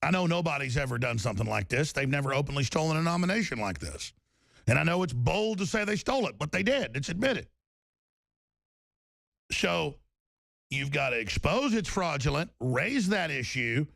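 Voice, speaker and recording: A man's voice: on the high side, very animated, normal speed, gravelly, a bit bright, no echo. A man hosting a political talk radio show, ranting emphatically and restarting his sentences over and over. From Texas.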